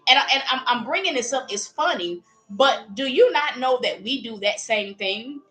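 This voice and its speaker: A woman preaches in an animated, casual way, slipping into playful voices for the people she describes. Her voice sits high and sounds bright, with faint music under her words. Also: normal speed, low-quality recording. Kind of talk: livestreamed preaching.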